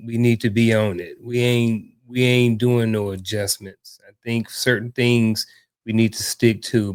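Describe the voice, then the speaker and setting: A man with a mid-range voice co-hosts a relaxed coaching chat. He is agreeable and thinks out loud, pausing and restarting. The recording is dry and close. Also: medium pitch, clear, resonant tone, dry recording. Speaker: podcast co-host. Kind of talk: casual chat.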